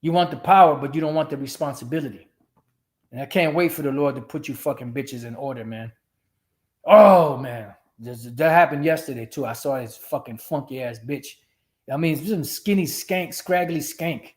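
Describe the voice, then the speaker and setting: A man's voice: medium pitch, moderate pace. A man ranting religious commentary on a stream, profane, rambling and emphatic.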